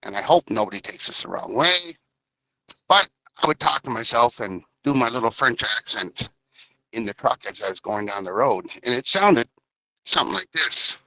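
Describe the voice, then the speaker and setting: A man's voice: mid-range voice, big pitch swings, normal speed, pushed and bright, dry recording. A man telling a joking story in a casual voice chat, heard over lo-fi audio. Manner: jokey storytelling. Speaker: trucker caller in a voice chat.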